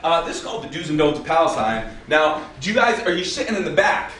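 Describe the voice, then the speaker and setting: American male spoken-word poet, wry and sarcastic, slightly raised pitch, live in a reverberant room with faint hiss. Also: big pitch swings, fast talker, a bit bright. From United States. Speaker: performing poet. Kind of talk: live spoken-word reading with joking banter. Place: gallery room. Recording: roomy and distant live recording.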